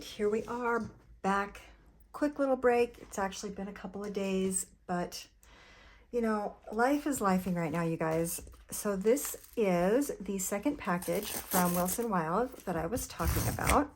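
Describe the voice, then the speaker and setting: A woman in casual vlog chat, showing off stickers to her viewers. She gushes easily, calls everyone "you guys" and rambles with fillers. Her voice sits at a middle pitch. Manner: chatty, gushing, addresses viewers as "you guys". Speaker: planner vlogger.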